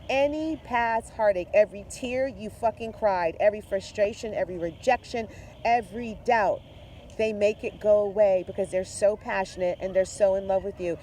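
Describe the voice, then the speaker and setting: An effusive tarot reader talks straight to the viewer in a casual reading. The voice sits mid-pitch with a mellow, rounded tone. Faint noise hums behind it. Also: moderate pace. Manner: mixes spiritual talk with swearing and slang.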